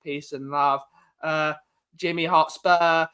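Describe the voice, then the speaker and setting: A man's voice: on the high side, steady tone, slow, sharp tone, smooth. A young man hosting a casual football chat show, greeting viewers one by one by name with friendly banter. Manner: reads out viewer names with running banter. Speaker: host.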